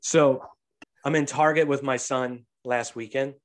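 A man and young father telling profane, animated stories on a casual podcast, acting out the voices of the people in them. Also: mid-range voice, a little slow. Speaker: podcast co-host; father of a toddler. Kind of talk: casual storytelling.

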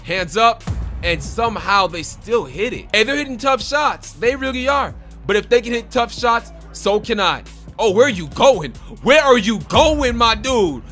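A young man giving excitable gameplay commentary as a gaming YouTuber, trash-talking and repeating quick exclamations. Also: extremely high pitch, soft background music.

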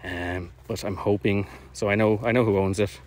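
A man with a slightly low voice talks casually outdoors as he walks. He is a little out of breath and rambles, using plenty of fillers and self-deprecating asides. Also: fairly even intonation, normal speed. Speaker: orchard project owner streaming drone flights. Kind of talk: casual live-stream vlog narration. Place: outdoors in fields.

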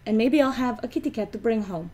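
A woman's voice: fairly high pitch, lively intonation, fast, a little mellow. A woman giving chatty video game commentary and coaxing her in-game pet as she plays. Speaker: let's play host.

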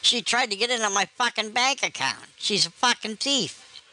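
A woman's voice: on the high side, animated, normal speed, bright, forceful tone. A woman voicing a cranky, foul-mouthed older man on a prank phone call, impatient and swearing. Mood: furious. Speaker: scam baiter.

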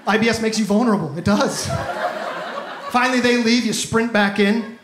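A stand-up comedian with a strikingly high voice works the room in an animated, exasperated way. His handheld mic picks up a roomy, echoing club. Loud audience ambience sits behind him. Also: a little fast, background noise. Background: audience laughter.

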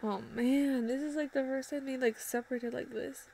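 A woman's voice: high-pitched, fairly even intonation, moderate pace, gravelly, warm tone, slight background noise. A woman giving casual reaction commentary to a TV episode, emotional and exclaiming, near tears. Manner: emotional, exclaiming, laughing often. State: holding back tears. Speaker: reaction vlogger.

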